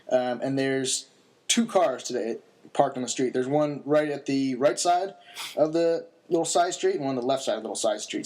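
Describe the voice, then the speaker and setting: A man's voice: mid-range voice, darkish tone. A young man casually telling a long story on a podcast, laid-back and rambling, with many fillers and chuckles.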